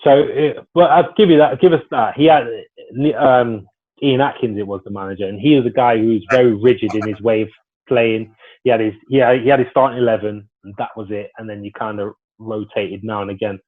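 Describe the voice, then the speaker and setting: A man's voice: on the low side, a little fast. A man, a former footballer telling stories in a casual, rambling way with lots of restarts. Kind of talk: casual storytelling interview. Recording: phone-like narrow sound.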